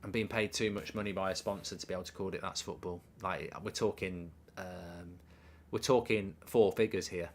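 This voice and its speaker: A man hosting a live football watchalong, rambling and self-mocking as he chats, often dropping into a quiet mumble. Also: deep voice, steady tone, moderate pace. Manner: rambling, self-mocking, riffs on ideas and reads out viewer messages. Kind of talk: casual live commentary and chat reading.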